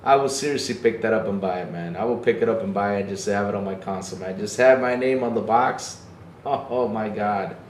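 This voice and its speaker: A man hosting a casual livestream podcast, talking excitedly to his chat and repeating himself often. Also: on the low side, fast, few pauses, roomy sound, a little hiss or hum. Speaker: podcast host streaming to chat.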